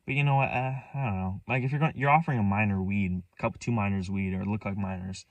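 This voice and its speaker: A man's voice: on the low side, steady tone, fast talker, dry recording, distant mic, highs cut off. A young man rambling through a story from his own life, restarting and repeating himself, set back from the mic. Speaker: vlogger. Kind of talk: casual storytelling.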